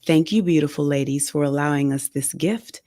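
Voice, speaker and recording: A woman voicing an elderly grandmother who is gentle but firm, while reading a memoir aloud. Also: sits low, normal speed, no room sound, studio quality, natural voice.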